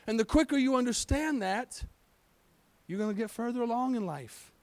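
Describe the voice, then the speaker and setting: A man's voice: extremely high pitch, normal speed, no echo. A male pastor preaching a sermon in a church, asking his congregation rhetorical questions and calling for responses. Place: church sanctuary.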